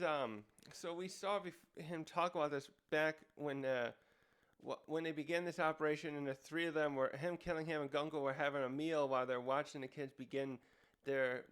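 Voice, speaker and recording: Rambling man with a slightly high voice. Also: steady tone, moderate pace, a bit bright, smooth. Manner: rambling, restarting sentences. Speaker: host. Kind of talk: casual commentary review.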